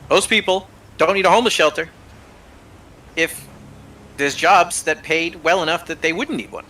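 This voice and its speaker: A man chatting casually as a streamer co-host, telling lively stories and swearing freely. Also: a little high, normal speed, distant mic, slight background noise, low-quality recording. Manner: animated storyteller, swears freely. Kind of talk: casual chat while gaming.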